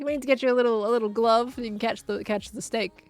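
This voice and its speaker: A woman's voice: a little high, steady tone, fast, darkish tone, no room sound. An Australian woman chatting casually while streaming a game and answering chat, with faint music behind her.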